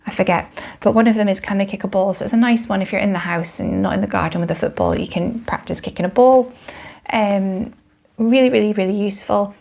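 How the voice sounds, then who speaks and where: A British woman in her thirties talks frankly and casually to camera about her kids' toys, with a medium pitch. She fills her chat with ums and restarts. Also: a little fast, creaky, darkish tone. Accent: British English. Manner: chatty and frank, many ums and self-corrections. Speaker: parenting vlogger. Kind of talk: casual toy review to camera.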